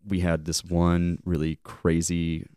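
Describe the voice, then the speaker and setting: Deep, mellow and resonant, this man's voice comes across slow and monotone, clear and studio-clean with no room sound. He's a podcast co-host recalling his summer as a camp leader, wandering through heartfelt reflections and frequently breaking off to begin again.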